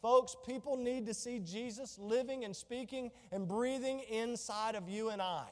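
A woman's voice: fairly high pitch, unhurried, big-room sound. A woman preaching a sermon with fervor, piling up rhetorical questions. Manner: fervent, stacked rhetorical questions.

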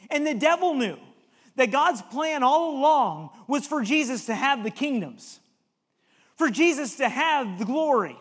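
A man's voice: very high-pitched, fairly bright tone, big-room sound. A male preacher giving an emphatic sermon and reading scripture aloud.

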